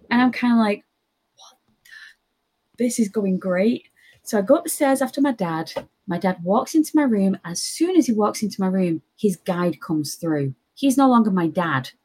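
Husky-voiced woman telling a story. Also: medium pitch, normal speed. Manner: animated, quotes others in voices. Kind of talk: casual storytelling chat.

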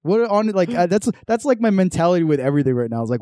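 A man's voice: high voice, big pitch swings, fast talker, warm tone, dry recording. A man in his thirties chatting casually, telling profane, laid-back stories full of quoted voices. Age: 30s. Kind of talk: casual chat.

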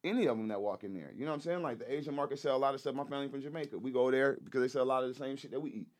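A rapper and activist appears as a guest on a laid-back podcast, his medium-pitched voice coming out rapid-fire. He's emphatic and profane, with a loose, slangy delivery, repeating his points and constantly checking in with "you know what I'm saying."

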